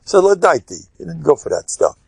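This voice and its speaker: An older rabbi lectures in a gravelly, creaky voice, recorded close and dry. He talks with animated emphasis, breaks into sudden loud bursts, and slips into chatty, chuckling asides. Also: fairly high pitch, racing, no room sound.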